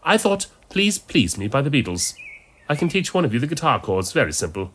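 A man voicing an eccentric, scheming male time-traveller in an amateur audiobook reading, in a brisk, theatrical way. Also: medium pitch, sing-song, a bit bright, a little hiss or hum, pitched above the performer's own voice. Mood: coaxing.

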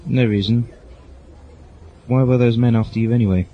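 A man's voice: medium pitch, steady tone, normal speed, muffled recording, lightly acted. A man playing an eccentric, polite time-traveling doctor who talks in a chatty, fussy, genteel way. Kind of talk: amateur audio drama.

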